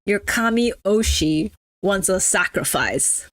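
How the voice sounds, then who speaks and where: A young woman chats her way through a game stream, playfully teasing viewers and putting on mock airs. Her voice sits at a middle pitch and sounds close and dry, with no room echo. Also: animated, takes it slowly, fairly bright tone. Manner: playful, teasing chat with mock-snobby banter. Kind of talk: casual live-stream chatter while gaming.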